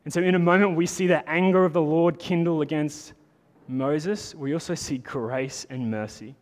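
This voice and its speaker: A man preaching a sermon in a casual, animated way, talking to the congregation like friends. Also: on the high side, moderate pace. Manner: conversational, animated preaching with lots of "like". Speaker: pastor. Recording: long hall reverb.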